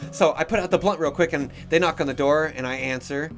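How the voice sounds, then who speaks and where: A young adult man telling a long, rambling, profanity-heavy story in a casual way, getting loud when he acts out his own shouting. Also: on the high side, fast talker, few pauses, soft background music.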